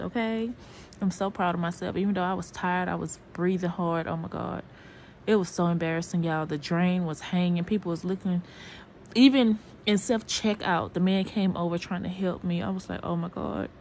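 Out of breath and weary, a middle-aged vlogger chats openly to her phone at home about recovering from surgery. Her slightly low, somewhat mellow voice keeps an even intonation at a normal speed, with faint room noise behind it.

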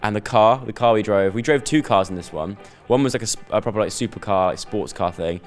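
A man's voice: on the low side, quick pace, faint music behind. A young man chatting casually in an interview, rambling and joking. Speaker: YouTuber guest. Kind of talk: casual chat.

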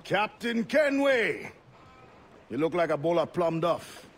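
An actor playing a calm, loyal pirate quartermaster who speaks in a measured way, in a game cutscene. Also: male voice, a little high, a little hiss or hum. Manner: calm, measured and warm toward a friend.

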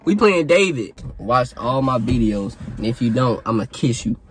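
A man's voice: medium pitch, lively intonation, moderate pace. A young man who talks to his viewers in a casual, slangy, easygoing way over a webcam. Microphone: webcam on a video chat.

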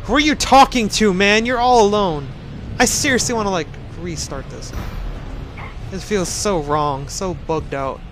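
A man's voice: sits high, measured pace, fairly bright tone, faint music behind. A man giving casual game commentary, sarcastically ranting at a glitchy game. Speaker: gaming commentator.

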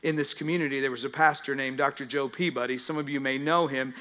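A man's voice: mid-range voice, fairly even intonation, quick pace, pushed and bright. A male pastor preaching a sermon, telling stories and acting out the voices in his retellings. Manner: storytelling, dramatizes quotes.

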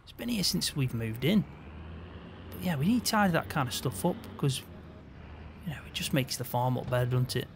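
A man's voice: mid-range voice, animated, fairly quick, creaky, slight background noise. A man in casual game roleplay, chatting as a farm hand in an easygoing way with mild swearing.

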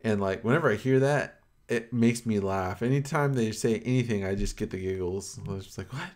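A man's voice: lowish voice, brisk, a little mellow. Rambling man on a casual podcast. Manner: rambling, many "like" fillers, retells stories with quoted voices. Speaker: podcast co-host. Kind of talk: casual chat.

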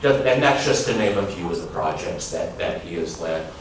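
A man's voice: low voice, animated, moderate pace, a little hiss or hum. A man introducing the guest speaker at a gallery event in an upbeat, enthusiastic way. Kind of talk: formal introduction. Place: lecture hall. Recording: echoey hall picked up from far off. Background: room ambience.

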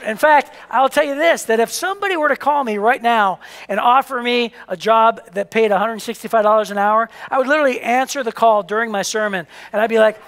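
A man in his fifties preaching a sermon as pastor, telling a story with lively acted-out voices. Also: extremely high pitch, gravelly, long reverb tail. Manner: animated storytelling, acts out voices. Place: church hall.

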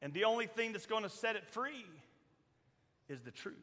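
A man preaching a sermon as pastor, emphatic, shouting at high points and dropping soft for quoted asides. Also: expressive, moderate pace. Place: church sanctuary. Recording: long church reverb.

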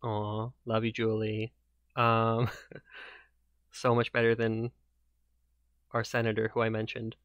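A man's voice: on the low side, monotone, slow, pauses often, a bit bright, no room sound, clean studio sound. A man hosting a podcast in casual chat, chatty and self-deprecating, with many fillers. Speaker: podcast host and author.

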